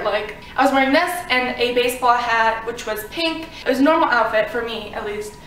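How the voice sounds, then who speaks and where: This Florida vlogger shares a personal story on camera in a loose, chatty way, leaning heavily on "like" and "um." Her voice is fairly high and fairly bright, with slight background noise, and the mic sits at a distance, making the sound roomy.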